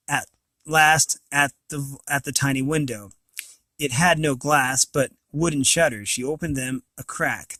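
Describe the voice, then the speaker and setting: A man's voice: mid-range voice, bright, forceful tone, no room sound. A man reading a novel aloud, with occasional slips and restarts. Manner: reads with small slips and restarts. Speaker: reader of an audiobook.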